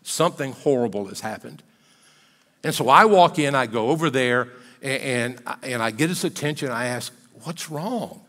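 A man's voice: medium pitch, normal speed, fairly bright tone. An older man, a pastor, telling a story in a sermon in a plain, conversational, folksy way. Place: church sanctuary. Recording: long hall reverb in a church.

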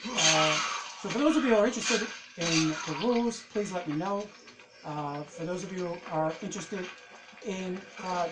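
A man commentating his own gameplay in a casual, excitable way, cursing and venting when things go wrong. His voice sits high and swings widely in pitch. Noisy game sound runs loudly behind him. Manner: excitable, swearing, ranting at the game. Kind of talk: casual let's-play commentary.

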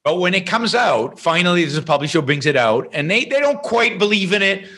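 A man as an interview guest, telling an anecdote in a lively way and often restarting his sentences. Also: high voice, fairly quick, husky. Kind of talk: explaining and storytelling in conversation.

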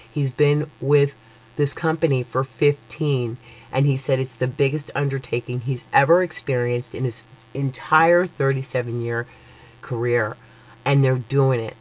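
A woman making an excited, gushing sales pitch straight to her viewers, her voice soaring when she is thrilled. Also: poor audio. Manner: turns soft and emotional near the end. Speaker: network marketing promoter.

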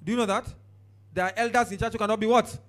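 A pastor with a high-pitched voice preaches a sermon quickly and in a steady tone. He jumps from shouted outbursts to quiet asides and tells the congregation to turn to their neighbors.

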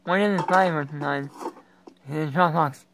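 A man giving reaction commentary, talking along casually and breaking into loud, excited exclamations. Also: on the high side, moderate pace, slight background noise, rough recording. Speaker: reaction video creator.

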